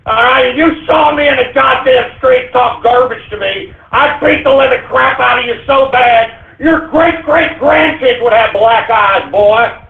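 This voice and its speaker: Foul-mouthed male call-in host, husky and shouty, phone-quality audio. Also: very high voice, unhurried, hardly any pauses. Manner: angry, profane ranting with sudden shouts. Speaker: radio show host. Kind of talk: call-in radio rant. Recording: phone-like narrow sound.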